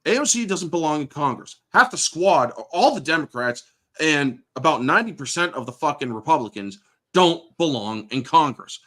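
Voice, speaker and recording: A man hosting his own show, ranting bluntly and swearing at nearly every turn. His voice sits a little higher than most men's and swings widely in pitch as he works himself up, with a sarcastic edge throughout. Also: lively intonation, moderate pace, fairly bright tone. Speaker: host. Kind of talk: profane political rant.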